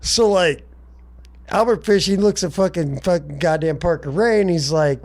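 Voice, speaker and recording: A man's voice: fairly high pitch, lively intonation, moderate pace, a little mellow. A man co-hosting a podcast, telling a long profane comic story in casual chat and voicing the characters in passing. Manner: rambling, profane storytelling with voiced asides. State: been drinking. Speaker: podcast co-host.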